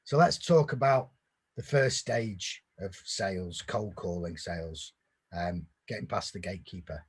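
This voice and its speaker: A man's voice: deep voice, a little slow, slightly rough. A man presenting a casual online sales workshop, giving blunt, direct advice. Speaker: webinar presenter.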